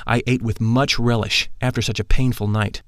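A man narrating a first-person spoken story in a solemn, measured way. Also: medium pitch, fairly even intonation, no echo, studio quality.

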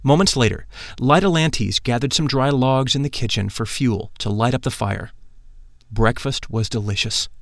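A man's voice: mid-range voice, moderate pace, no room sound, studio quality. Solemn male audiobook narrator. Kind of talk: first-person audiobook narration.

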